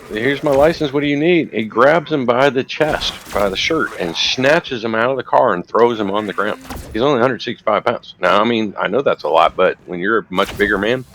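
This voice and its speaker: Low-voiced man telling a rambling story. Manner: rambling, profane, animated retelling. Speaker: gamer recounting a news video. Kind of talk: casual storytelling chat.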